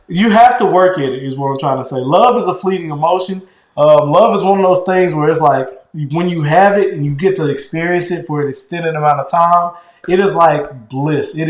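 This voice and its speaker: A man co-hosting a relationship podcast with his wife, with a naturally loud voice and a loose, conversational way of talking. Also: on the high side, echoey room. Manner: conversational, loose and animated, keeps checking in with "right?". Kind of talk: casual relationship talk.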